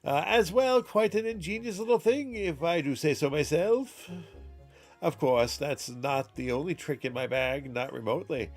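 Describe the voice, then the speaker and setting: A man's voice: fairly high pitch, normal speed, faint music behind. A man voicing a fussy, pompous old male scholar who lectures at length. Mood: lecturing.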